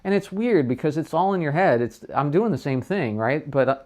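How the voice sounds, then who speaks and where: A man's voice: fairly high pitch, animated, a little fast, a little mellow. A middle-aged man teaching trumpet tonguing in a casual livestream lesson, chatting loosely and sounding out syllables.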